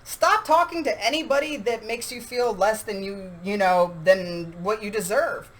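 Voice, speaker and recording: Woman tarot reader, chatty and animated, speaks casually to her viewers at an average pitch. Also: moderate pace, rough recording. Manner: chatty, animated, talks straight to viewers with acted asides. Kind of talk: casual tarot reading to camera.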